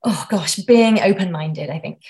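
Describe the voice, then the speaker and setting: A woman's voice: lowish voice, a little slow, a little mellow. A woman guest in a casual interview, chatty and self-deprecating, often restarting her sentences.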